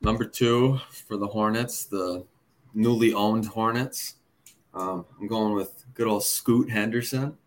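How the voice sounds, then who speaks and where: A man's voice: lowish voice, fairly even intonation, measured pace, a little hiss or hum. A man, a guest on a sports podcast, talking in an enthusiastic, slangy way. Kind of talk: casual sports chat.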